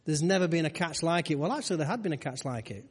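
Pastor preaching in a reverberant hall. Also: male voice, fairly high pitch, animated, fast, husky. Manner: conversational preaching with rhetorical questions. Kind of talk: sermon.

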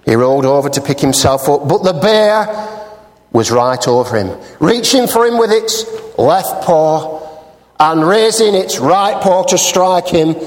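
A man's voice: fairly high pitch, animated, measured pace. A man preaching a sermon in a church hall, telling a joke and teasing the congregation playfully. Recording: long hall reverb.

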